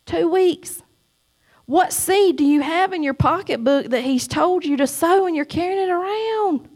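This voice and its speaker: High-voiced emphatic woman preaching. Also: a little slow. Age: middle-aged. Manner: emphatic, preachy, swings between loud cries and soft asides. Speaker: church speaker giving testimony. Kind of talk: church testimony.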